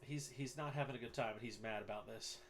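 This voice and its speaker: A man's voice: mid-range voice, fast, a little hiss or hum. Casual man running a tabletop game. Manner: casual, with fillers and profanity. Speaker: game master.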